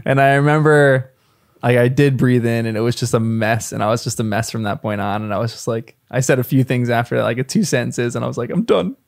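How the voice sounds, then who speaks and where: A podcast co-host in casual chat, emotional and quick to laugh. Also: mid-range voice, level tone, dry recording, studio quality.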